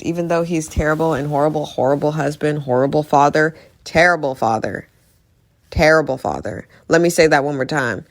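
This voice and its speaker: Woman YouTuber, deep voice, casual opinionated TV recap commentary. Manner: opinionated, emphatic, repeats words for emphasis.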